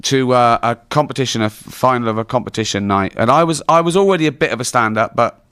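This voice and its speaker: A man's voice: medium pitch, quick pace, a bit bright, smooth, dry recording, clean studio sound. English man, middle-aged, comedian, sweary storyteller, bursts of laughter, mimics people. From England. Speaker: comedian guest. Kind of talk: live stage conversation.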